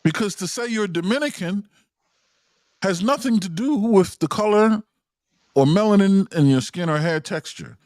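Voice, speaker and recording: A man's voice: high voice, lively intonation, normal speed, a little mellow, no room sound, studio quality. A man hosting a livestream panel discussion, insistent and lecturing, often cutting others off.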